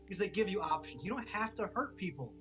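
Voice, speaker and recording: A man in his thirties, a guest in an interview, talking in a calm, matter-of-fact way. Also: high voice, fast talker, muffled recording, music in the background. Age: 30s. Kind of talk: casual interview talk.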